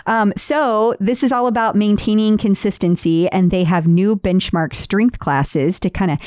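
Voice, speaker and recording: A woman's voice: mid-range voice, measured pace, a little mellow, clear, resonant tone, dry recording, clean studio sound. Chatty woman co-hosting a podcast. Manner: chatty, laughs easily, self-deprecating. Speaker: podcast co-host. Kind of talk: casual fitness news chat.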